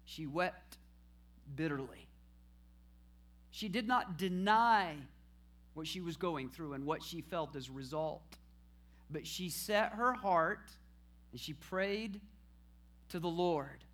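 Male preacher, high bright voice, call-and-response sermon delivery. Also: slow, long pauses. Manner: call-and-response preaching, rising to shouted praise at the end.

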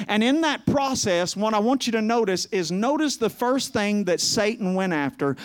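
High-voiced fervent preacher man. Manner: fervent, swings between hushed and loud. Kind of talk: sermon. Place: church with a congregation.

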